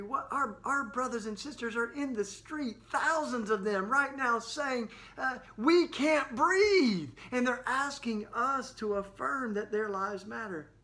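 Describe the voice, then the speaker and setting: Bright-voiced man preaching with passion. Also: high voice. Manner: impassioned, with frequent "uh" fillers and restarts. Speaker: faith activist speaker. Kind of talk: earnest preaching-style talk.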